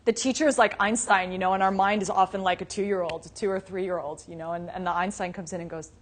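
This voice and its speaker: A woman's voice: lowish voice, fairly even intonation, fast. Chatty woman teaching a meditation class. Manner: casual and conversational, many "you know"s and asides; storytelling with frequent light laughter. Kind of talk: live Buddhist dharma class talk.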